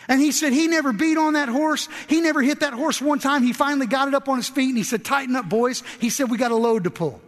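A man with a strikingly high voice preaches a sermon, telling a folksy story and then building to impassioned exhortation. His voice rings with the long reverb of a large church sanctuary. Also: quick pace, few pauses. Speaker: pastor.

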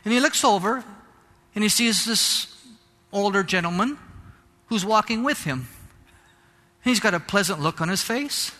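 A man preaching a sermon as a pastor, fervent and rising to shouts, slipping Spanish phrases into his talk. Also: high-pitched, animated, unhurried, long pauses. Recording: long hall reverb.

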